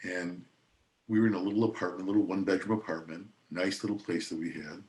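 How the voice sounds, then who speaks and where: Older male guest, low-pitched, easygoing raconteur. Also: quick pace. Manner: relaxed anecdotal telling, often laughing. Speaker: attorney and podcast guest. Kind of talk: casual storytelling.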